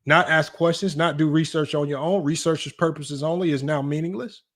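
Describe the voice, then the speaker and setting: A young man hosting a casual basketball livestream, reading chat and super chats in an animated, mocking way that jumps high when he's incredulous. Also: normal speed. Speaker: sports talk livestream host.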